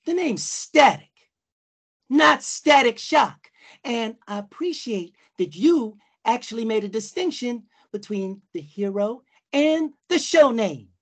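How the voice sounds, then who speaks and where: A man voicing a cocky young male cartoon superhero, teasing and drawn-out. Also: very high voice, lively intonation, husky, voice pushed up, heavily acted.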